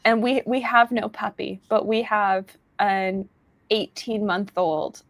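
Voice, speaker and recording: Chatty woman with a gravelly edge. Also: medium pitch, steady tone, slow pace, dry recording. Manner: rambling, chatty with fillers and laughs. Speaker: podcast host. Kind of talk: casual chat.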